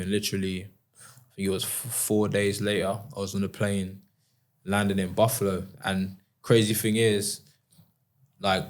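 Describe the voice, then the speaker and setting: A young man from England, telling stories in a relaxed interview with many fillers. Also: lowish voice, moderate pace. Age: 20s. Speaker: guest, former rugby player. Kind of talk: casual interview chat.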